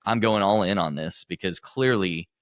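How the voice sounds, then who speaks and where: A man's voice: low-pitched, moderate pace, no echo, studio quality. A man speaking as a podcast guest, earnest and rambling, with frequent restarts. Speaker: podcast guest, coach for husbands. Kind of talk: conversational interview.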